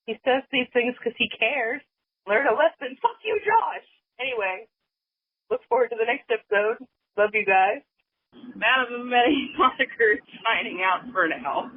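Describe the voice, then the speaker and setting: A woman's voice: fairly high pitch, normal speed. A woman in her late thirties leaving long, rambling, profane voicemails for a podcast, laughing as she talks. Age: late 30s. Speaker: voicemail caller. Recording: tinny phone line.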